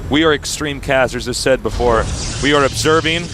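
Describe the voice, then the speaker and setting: A man's voice: medium pitch, a little fast, background noise. A man casting a live esports match with playful jokes and play-by-play that speeds up in tense moments. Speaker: esports commentator. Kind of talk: live game commentary.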